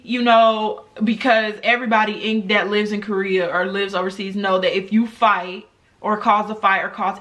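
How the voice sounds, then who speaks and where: Young woman vlogger, bright sharp voice, chatty storytime, keeps talking to the viewers. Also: medium pitch. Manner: animated, chatty, addresses viewers directly. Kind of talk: storytime vlog.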